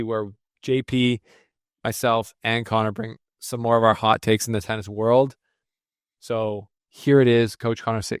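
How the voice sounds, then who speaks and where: A man's voice: mid-range voice, little pitch movement, moderate pace, clear, resonant tone, no room sound, clean studio sound. A man co-hosting a casual tennis podcast, upbeat and chatty, hyping listeners and guests with frequent restarts. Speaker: podcast co-host.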